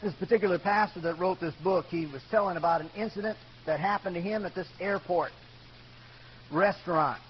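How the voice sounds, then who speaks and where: Man, pastor, sermon, emphatic, shifts between loud and hushed, fairly high voice, dull lo-fi sound. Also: a little fast. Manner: emphatic, calls for amens, swings from loud to hushed. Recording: dull lo-fi recording with faint hum.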